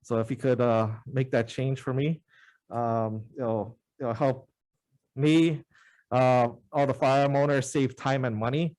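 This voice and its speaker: A man testifying at a legislative hearing as a member of the public, speaking in an earnest, halting way with many fillers. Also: medium pitch, fairly even intonation, a little mellow.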